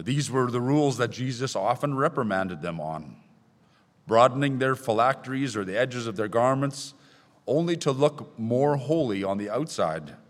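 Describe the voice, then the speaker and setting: A man preaching a sermon in a church, reading scripture aloud with rising emphasis. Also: fairly low pitch. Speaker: pastor. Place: church sanctuary. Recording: long hall reverb.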